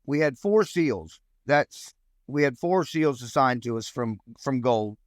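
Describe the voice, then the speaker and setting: A man's voice: mid-range voice, lively intonation, unhurried, no room sound. A man, telling a long, rambling story as an interview guest, restarting sentences and acting out quotes. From United States. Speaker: guest, former Army Ranger.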